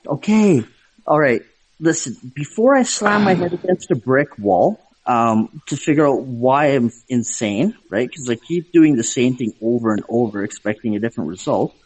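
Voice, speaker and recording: Husky man lecturing in casual chat. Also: mid-range voice, expressive, normal speed, rough recording. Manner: lecturing, talks over others, repeats words.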